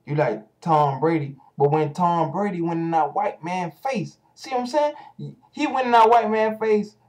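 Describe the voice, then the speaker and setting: A man's voice: high voice, normal speed, darkish tone. A man giving casual ranting commentary as a vlogger, heated and profane, speaking straight at the hosts he criticizes.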